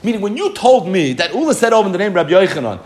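A man's voice: high voice, rapid-fire. A man teaching a Talmud lesson, animatedly acting out the rabbis' exchanges and mixing Hebrew and Aramaic terms into English. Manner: animated, acts out the rabbis' dialogue.

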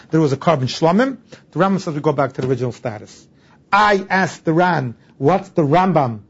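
Man, Talmud lecture, slightly high, husky, dull lo-fi recording. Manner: explains step by step, repeats terms for emphasis. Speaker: Talmud teacher.

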